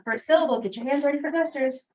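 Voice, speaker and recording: A woman teaching a phonics lesson in a classroom, briskly prompting students with questions and quick praise. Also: high-pitched, warm tone, a little hiss or hum. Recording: distant classroom mic.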